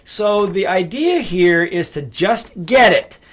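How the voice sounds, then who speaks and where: Emphatic high-voiced man teaching. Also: animated, takes it slowly, a bit bright. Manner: emphatic, repeats key phrases, acts out both sides of dialogues. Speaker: business speaker and trainer. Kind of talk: motivational teaching talk.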